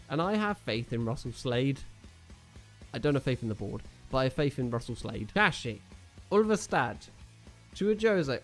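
A young man commentating on his own football video game, joking, groaning and cheering at each play. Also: a little high. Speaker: gaming YouTuber. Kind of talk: casual live game commentary.

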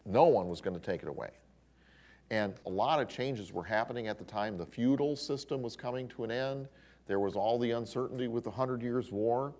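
A man teaching a Bible history class, who tells the story in a lively way with exclamations. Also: lowish voice. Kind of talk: classroom lecture.

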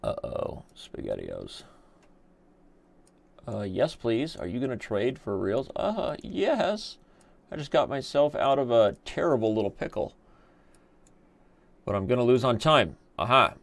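A man's voice: mid-range voice, moderate pace. A man in his thirties hosting a live stream, chatting casually and joking while he reads viewer comments aloud. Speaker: chess streamer host.

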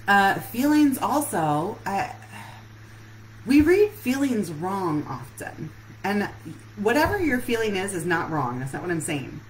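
A woman's voice: medium pitch, sing-song, unhurried, a little hiss or hum, rough recording. A woman relationship coach giving an earnest live-streamed talk that puts many questions straight to her listeners.

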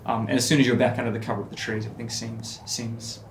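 A man running a tabletop game as game master, narrating scenes in a relaxed way with fillers. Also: mid-range voice, fast, slight background noise. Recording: echoey room.

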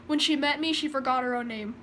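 A woman voicing an excitable young male gaming video host, shouting and gushing. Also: sits high, quick pace, slight background noise.

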